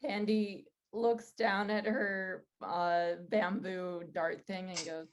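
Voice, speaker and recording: A woman's voice: mid-range voice, little pitch movement, takes it slowly, hardly any pauses. A woman player in a tabletop game, easygoing and laughing along with the others. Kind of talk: casual tabletop role-play.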